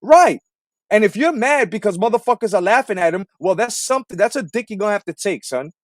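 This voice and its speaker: Fiery, animated man ranting. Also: sits high, brisk, dry recording, clean studio sound. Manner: combative, repetitive, swearing heavily. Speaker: boxing commentary host. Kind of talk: profane live-stream rant.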